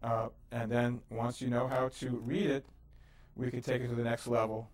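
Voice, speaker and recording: A man's voice: medium pitch, little pitch movement, normal speed. A man teaching the Hebrew alphabet as host, patiently sounding out syllables and explaining letters in an easy, casual way with fillers. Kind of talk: educational lesson.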